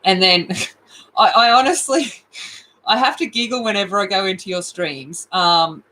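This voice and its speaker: An Australian woman hosting an art livestream, chatting casually with her viewers, rambling and breaking into excited outbursts. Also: mid-range voice, normal speed, low-quality recording.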